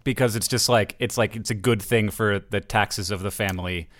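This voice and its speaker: A man from Florida co-hosting a casual podcast, talking in halting bursts with many restarts and quick chuckles. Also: lowish voice, fairly even intonation, fairly bright tone. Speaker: podcast co-host.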